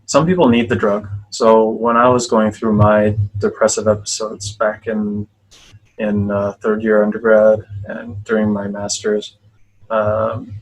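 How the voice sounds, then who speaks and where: A man's voice: fairly low pitch, low-quality recording. A man in his twenties hosting a casual podcast chat, easygoing and self-deprecating. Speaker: podcast host.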